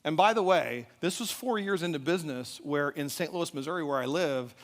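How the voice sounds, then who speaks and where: A middle-aged man giving a motivational talk at a live event, telling a personal story with animated delivery and asking the audience questions. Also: a little high, fairly quick. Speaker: event speaker. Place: large event hall. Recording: echoey hall reverb.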